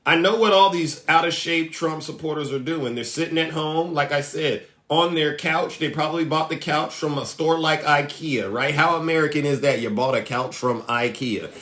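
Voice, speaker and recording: High-pitched mocking male livestream host. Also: moderate pace, hardly any pauses, bright, forceful tone. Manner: mocking, combative, riffs with acted-out exchanges. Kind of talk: ranting political livestream commentary. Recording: echoey room.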